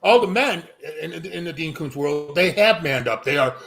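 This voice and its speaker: A middle-aged man telling stories in a casual panel discussion, animated and profane. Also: on the high side, moderate pace, vocal fry, crowd noise. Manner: animated, profane storytelling with quoted voices. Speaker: panel guest.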